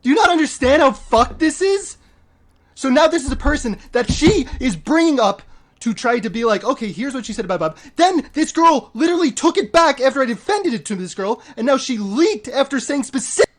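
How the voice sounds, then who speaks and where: A speaker in a recorded clip played on a stream, explaining a dispute quickly and earnestly, with small restarts. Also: sits high, expressive.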